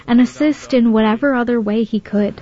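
A woman reporter narrating a radio news feature in a measured, even way. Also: a little high, highs cut off, noisy background.

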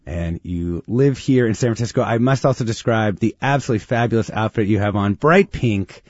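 A man hosting a live radio interview, chatty and lively, with many fillers. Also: on the low side, fairly quick, no room sound. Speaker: radio show host. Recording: dry, slightly muffled radio studio audio.

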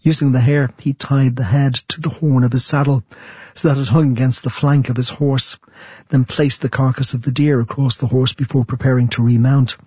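A man interviewed as an author, answering thoughtfully and reading aloud from his book in a measured storytelling manner. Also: mid-range voice, fairly even intonation, darkish tone, husky, no echo, lo-fi sound.

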